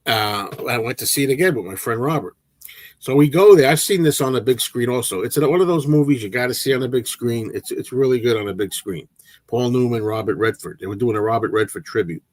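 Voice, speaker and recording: Animated man telling a story, dry sound. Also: medium pitch, a little fast, dry recording. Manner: animated anecdote-telling with frequent restarts. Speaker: host of a movie chat livestream. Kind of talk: casual storytelling to a live chat.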